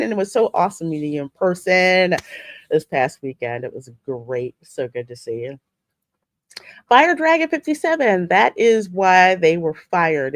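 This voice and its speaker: A woman's voice: sits low, no echo, studio quality. A woman hosting a live podcast stream, greeting viewers by name in a chatty, effusive way. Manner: chatty, effusive, often laughing. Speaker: livestream podcast host.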